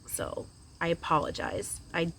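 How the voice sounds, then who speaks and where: A woman's voice: unhurried, fairly bright tone, a little hiss or hum, rough recording. A woman talking casually to camera as a spiritual channeler, rambling and chatty with frequent fillers and giggles. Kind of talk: casual vlog monologue.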